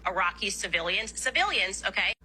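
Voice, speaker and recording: Very bright argumentative woman in debate. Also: medium pitch, big pitch swings, a little fast, slightly rough, rough recording. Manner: argumentative, questioning. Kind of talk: debate interview.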